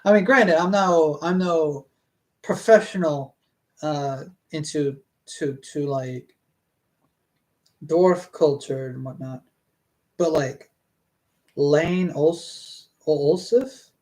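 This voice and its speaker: A streamer reads a fantasy novel aloud to a live chat at an unhurried, drawn-out pace. The reading keeps breaking into hesitant, rambling tangents with restarts and trailing asides, in a casual, conversational tone. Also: medium pitch, a little mellow.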